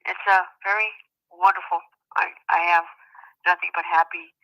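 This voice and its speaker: A woman caller on a phone-in show, telling a long rambling personal anecdote in a casual, animated way. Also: on the low side, moderate pace, no room sound, highs cut off.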